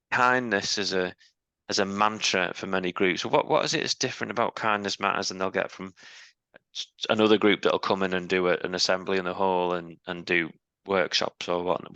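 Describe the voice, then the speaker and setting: A man's voice: sits low, bright, forceful tone, no echo, lo-fi sound. A man interviewing a guest, stumbling and repeating words as he shapes his questions. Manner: halting, repeats words while forming questions. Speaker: interviewer, teacher. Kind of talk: casual interview chat.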